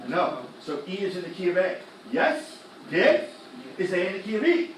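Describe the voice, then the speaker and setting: A man teaching music theory in a classroom lecture, animated, firing quick questions at the students and tossing in slang. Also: high-pitched, slight background noise. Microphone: laptop recording the lecture. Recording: echoey classroom from a distance.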